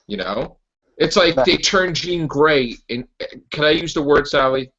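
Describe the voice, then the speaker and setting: A man's voice: a little high, takes it slowly, fairly bright tone. A man hosting a podcast, ranting casually and animatedly, laughing and stumbling over restarts. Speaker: podcast host. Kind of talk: casual comic-book rant. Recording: lo-fi, muffled.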